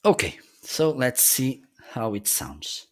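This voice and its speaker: His mid-range voice is very animated yet slow. He's a live-stream host reviewing gear, chatting through a casual demo of desk USB microphones he's trying out and checking in often with "okay?".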